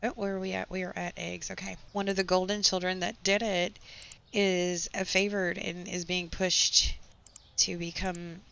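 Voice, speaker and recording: A woman, hoarse with her voice nearly gone, chatting and venting sarcastically while playing a game. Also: fairly low pitch, level tone, moderate pace, fairly bright tone. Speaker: gaming channel host. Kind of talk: casual gameplay chat with storytelling. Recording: slightly dull home recording with faint background noise.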